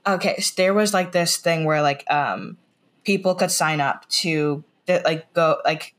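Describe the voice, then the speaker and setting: A woman's voice: low-pitched, a bit bright. Rambling American woman, podcast guest. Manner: rambling, full of "like" fillers and restarts; retells scenes with quoted lines. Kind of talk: casual podcast chat.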